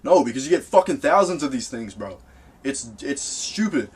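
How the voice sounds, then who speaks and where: A young man who makes music, giving blunt, profane advice to the camera in an animated rant from his small home studio. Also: mid-range voice, normal speed, husky. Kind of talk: casual ranting advice to camera.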